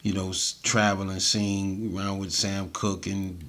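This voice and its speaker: A man with a deep voice, a music artist telling stories in a casual interview, laid-back and full of slang and fillers. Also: flat delivery, measured pace, a bit bright, a little hiss or hum. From USA. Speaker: interview guest, reggae and hip-hop artist.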